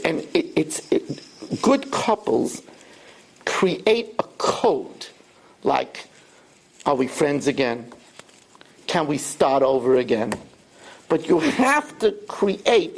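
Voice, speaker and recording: A middle-aged rabbi giving a sermon, telling stories and acting out quotes. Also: male voice, sits high, gravelly, husky. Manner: animated storytelling, acts out quotes.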